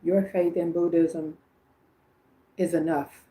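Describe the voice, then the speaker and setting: A woman's voice: fairly low pitch, little pitch movement, slow pace, dark tone. A woman from Illinois hosting a livestream as a psychic medium, relaying messages in a chatty, informal way and laughing often between phrases. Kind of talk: casual livestream psychic reading.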